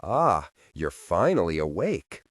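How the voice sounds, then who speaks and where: A man's voice: low voice, sing-song, takes it slowly, a bit bright, husky, no room sound, voice pushed down, heavily acted. A man voicing a smug, protective male demon with a Southern drawl, dry and pointed.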